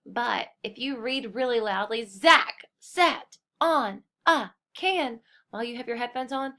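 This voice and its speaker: A cheerful young woman guides small children through a computer lesson, step by step and full of encouragement. Her voice is bright and clear, with a medium pitch. She sounds like a friendly kindergarten teacher.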